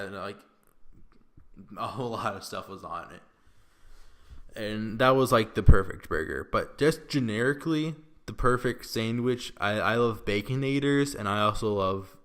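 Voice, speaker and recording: A young man chatting casually to his camera in a Q&A vlog. He talks slowly in a lowish voice and rambles, stopping on fillers as he gropes for the next item. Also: a bit bright. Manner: rambling, hesitant, lists things with fillers. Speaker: YouTuber.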